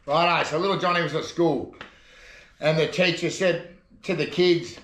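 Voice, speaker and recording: A man's voice: a little high, fairly even intonation, moderate pace, fairly bright tone, echoey room. An Australian man telling jokes in a rambling, chatty way as a casual comedy vlogger. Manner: rambling, chatty joke delivery. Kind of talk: casual joke telling to camera. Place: shed.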